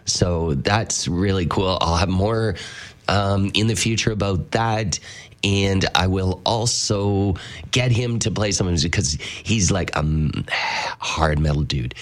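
A man's voice: low voice, slow. A man hosting a morning radio show, chatting in a loose, rambling way and laughing often. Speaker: radio host. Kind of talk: casual radio chat. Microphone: studio mic.

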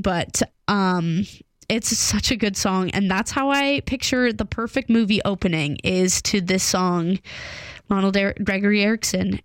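A woman's voice: mid-range voice, dry recording. Young woman host with a cold, congested and stuffy, self-deprecating casual chatter, dry booth sound. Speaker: podcast host. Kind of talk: casual rambling chat.

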